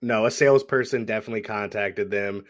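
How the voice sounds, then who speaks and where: A man's voice: fairly low pitch, fairly quick, dry recording, studio quality. A man co-hosting a casual movie-review podcast, easygoing and recounting favorite scenes with laughter. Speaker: podcast co-host.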